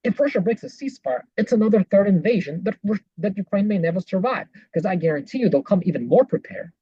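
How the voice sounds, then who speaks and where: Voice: medium pitch, lively intonation, fast, husky, no room sound. A podcast host giving political commentary between clips, rebutting with indignant sarcasm. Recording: dull lo-fi dry recording.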